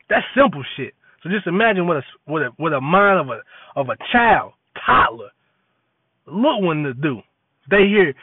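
A man's voice: on the high side, sing-song, brisk, no room sound. A man giving an impassioned, preachy monologue in street slang, repeating his points. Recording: tinny phone-like dry audio.

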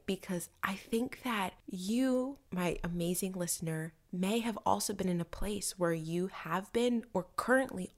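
A young woman in her twenties hosts her own podcast in a casual, chatty way. Her voice sits a little low for a woman. She speaks earnestly and confidingly, sometimes sinking into a hushed tone to stress a point. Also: gravelly. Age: 20s. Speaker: podcast host. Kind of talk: casual solo podcast talk.

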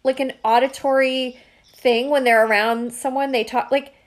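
Chatty woman, slightly high voice. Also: steady tone, normal speed. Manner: chatty, lots of "like" fillers. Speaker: podcast co-host. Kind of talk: casual chat about a reality show.

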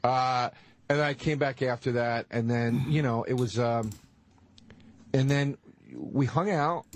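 A man's voice: medium pitch, slow pace. A man in his thirties telling a personal story in casual chat, rambling and hesitant with lots of fillers. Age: 30s. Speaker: podcast co-host.

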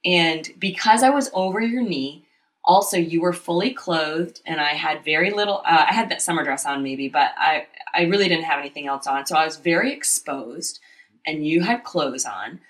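A woman co-hosting a candid conversation, talking openly about her own experiences in a lively, storytelling way. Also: deep voice, moderate pace. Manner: open, confessional, animated storytelling. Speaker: podcast co-host. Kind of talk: candid casual chat.

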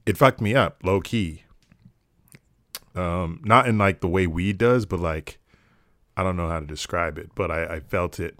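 A man's voice: low-pitched, measured pace, pauses often, a bit bright, no echo, studio quality. A man co-hosting a podcast, chatting casually with loose, laughing banter and frequent swearing. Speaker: podcast co-host.

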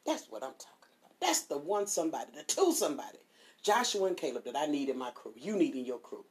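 A woman hosting a streaming devotional show, chatting casually and giving shout-outs before a Bible reading. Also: low voice, fast talker. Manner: animated and chatty, swoops up on exclamations.

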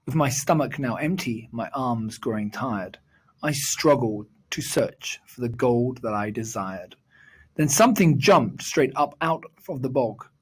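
A man reciting a rhyming children's poem in a measured, sing-song storytelling delivery. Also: medium pitch, animated, breathy edge.

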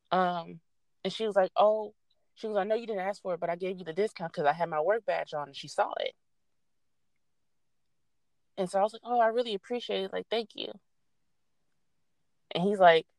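A young adult woman casually telling a story, animated and swearing freely as she acts out what people said. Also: fairly low pitch, no echo.

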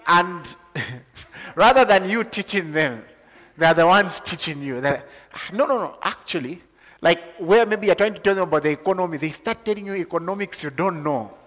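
A man from Zambia preaching a sermon, moving from calm teaching to loud, excited preaching. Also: high-pitched, a little fast, big-room sound.

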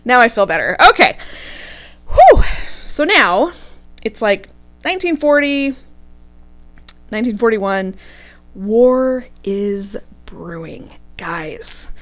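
A woman hosting a podcast, retelling a story in a casual, animated way, indignant and swearing freely. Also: mid-range voice. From United States.

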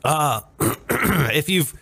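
Podcast co-host, male, from Ohio, slightly high voice, lively swearing rants. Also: extremely slow, vocal fry, husky. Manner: ranting, profane, animated. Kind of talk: casual chat.

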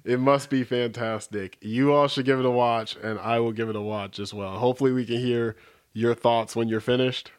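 A man hosting a podcast in a relaxed, joking way, rambling with fillers. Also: medium pitch, brisk, clear, resonant tone. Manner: laid-back, jokey, rambling with fillers. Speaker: podcast host. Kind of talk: casual chat.

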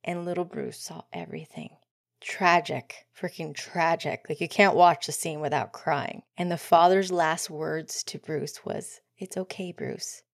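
A woman hosting a solo podcast, talking earnestly and often dropping into soft near-whispers. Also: sits low, animated, a little slow, dry recording, clean studio sound. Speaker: podcast host.

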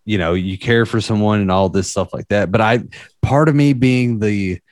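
A man's voice: on the low side, normal speed, no echo, studio quality. A young man in his twenties telling a story in casual podcast chat, rambling and profane with lots of fillers.

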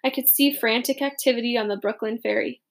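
A woman reading a first-person story aloud in a steady, plain manner. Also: on the high side, brisk. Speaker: audiobook narrator.

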